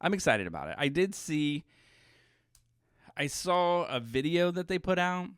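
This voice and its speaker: A man co-hosting a podcast, an animated, jokey storyteller who sounds exhausted. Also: fairly high pitch, measured pace, clear, resonant tone, no room sound, clean studio sound. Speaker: podcast co-host. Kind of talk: casual chat.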